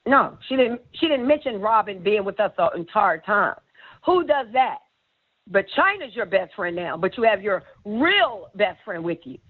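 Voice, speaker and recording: Profane, animated woman over a tinny line. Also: medium pitch, moderate pace. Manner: animated, profane, acts out quotes. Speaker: guest telling stories. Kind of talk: casual storytelling.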